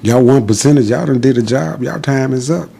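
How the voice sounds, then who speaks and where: Male podcast guest, husky mellow tone, defiant preaching delivery in short punchy lines. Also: mid-range voice, a little fast. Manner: defiant, preachy, repetitive declarations. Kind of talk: impassioned spoken monologue.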